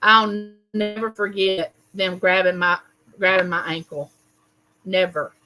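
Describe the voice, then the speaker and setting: A woman hosts a casual livestream, her voice bright and clear. She tells her stories with animation and welcomes each viewer by name. Her pitch sits in the middle of the usual range for a woman. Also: measured pace, rough recording. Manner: animated storyteller, greets viewers warmly by name. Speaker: livestream host. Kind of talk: casual livestream chat and storytelling.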